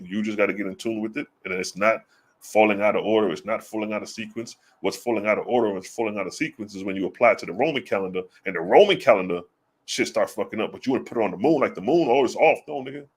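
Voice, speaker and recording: A man giving casual religious commentary, blunt and profane, firing off rhetorical questions and slowing down to read scripture aloud. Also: on the low side, breathy edge. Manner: reads scripture slowly and deliberately.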